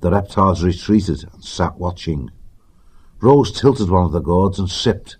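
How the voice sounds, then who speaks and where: A man narrating an audiobook in a measured, even storytelling manner. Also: deep voice, slightly rough.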